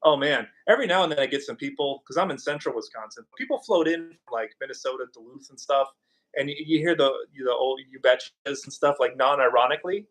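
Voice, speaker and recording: A man's voice: medium pitch, fast talker, fairly bright tone. A man from California hosting a live stream, chatting casually and jokingly with viewers. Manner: rambling and jokey, reacting to chat. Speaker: podcast host.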